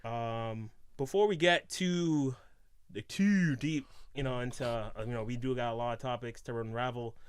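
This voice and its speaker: A man's voice: medium pitch, moderate pace, clear, resonant tone, no room sound. A man from Boston co-hosting a casual podcast chat, talking in loose, rambling sentences full of filler words. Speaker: podcast co-host.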